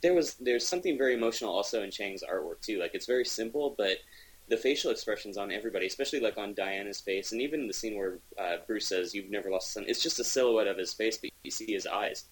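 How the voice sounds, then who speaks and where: A man's voice: fairly low pitch, quick pace, slightly rough, poor audio. A man co-hosting a podcast, talking enthusiastically in a rambling casual way with many restarts. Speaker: podcast co-host reviewing comics. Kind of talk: casual chat.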